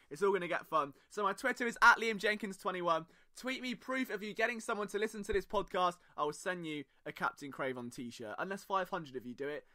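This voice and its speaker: A man's voice: high-pitched, bright, forceful tone. A young British man hosting a sports podcast, talking in a chatty, jokey way with rambling asides. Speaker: podcast host. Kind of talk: casual sports podcast monologue.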